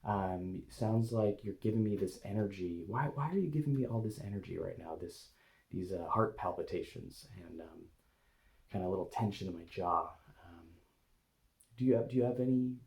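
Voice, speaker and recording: A man with a deep voice and a gravelly edge talks softly and hesitantly as he leads a guided meditation on camera. He pauses often and fills the gaps with soft fillers while speaking gently to an inner part with his eyes closed. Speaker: eating coach and video host.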